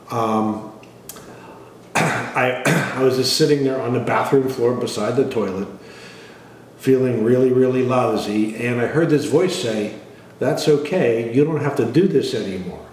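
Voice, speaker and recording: A middle-aged man casually telling a personal testimony in a plain, relaxed way, often clearing his throat and restarting. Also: mid-range voice, measured pace. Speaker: father sharing a personal testimony. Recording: echoey room, voice from some distance, faint noise.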